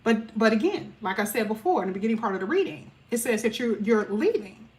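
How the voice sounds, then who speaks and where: A woman's voice: fairly high pitch, very animated, fast talker, darkish tone. A woman giving a casual, chatty tarot reading to her viewers, emphatic and full of casual slang. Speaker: tarot reader.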